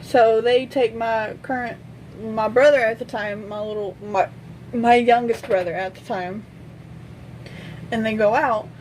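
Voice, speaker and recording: A woman's voice: a little high, steady tone, measured pace, a little mellow, slight background noise, rough recording. A young woman vlogger telling a casual storytime, blunt and swearing freely as she acts out what everyone said.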